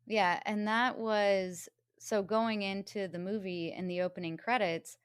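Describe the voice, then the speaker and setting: A woman's voice: mid-range voice, steady tone, a little slow, clean tone, no echo, clean studio sound. A woman co-hosting a film review podcast in casual chat, sharing firm opinions and laughing between her points. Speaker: podcast co-host.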